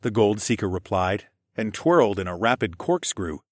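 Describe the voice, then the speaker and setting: Man, low voice, first-person audiobook narrator, lively playful dialogue, dry studio sound. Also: moderate pace, no echo.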